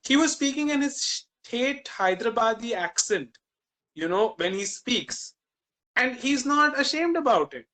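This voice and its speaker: A man's voice: very high-pitched, expressive, unhurried, sharp tone, poor audio. A man with an Indian English accent, speaking animatedly as an interview guest, with frequent "you know" fillers. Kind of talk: candid opinionated conversation.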